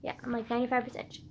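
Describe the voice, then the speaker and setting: Young woman vlogger, high voice, rambling and self-mocking, close phone mic. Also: slightly rough. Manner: rambling, self-mocking, swears often, fillers everywhere. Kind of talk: rambling casual monologue.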